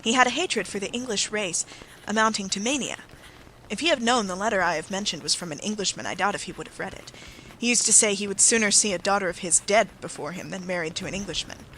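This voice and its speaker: A bitter, earnest Victorian secretary, read out by an audiobook narrator, speaking with solemn intensity in a bright, forceful tone. A faint hiss of noise sits under the voice. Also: mid-range voice, quick pace, rough recording. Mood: emphatic. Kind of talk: audiobook character reading.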